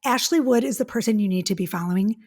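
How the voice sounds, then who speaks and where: A woman hosts a podcast with a slightly husky, breathy voice. She gushes and talks excitably, restarting her sentences as she goes, in a casual chat. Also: medium pitch, quick pace. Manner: gushing, excitable, restarts often. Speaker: podcast host.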